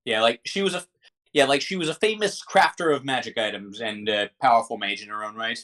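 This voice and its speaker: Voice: mid-range voice, brisk, fairly bright tone. A game master describes a tabletop game scene to the players. The delivery is hesitant, with frequent restarts.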